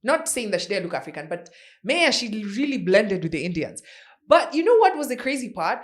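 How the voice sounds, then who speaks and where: A woman's voice: medium pitch, a little fast. A woman in her forties hosts a casual pop-culture news podcast. Her voice swoops up and down a lot as she chats. She keeps firing off rhetorical questions at her listeners. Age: around 40. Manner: chatty, animated, full of rhetorical questions. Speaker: podcast host.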